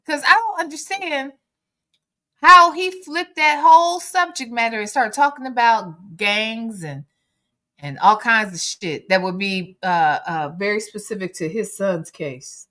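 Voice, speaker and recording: Bright-voiced woman, emphatic chat. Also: high voice. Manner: emphatic, quick agreeing. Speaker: show host. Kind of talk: casual commentary chat.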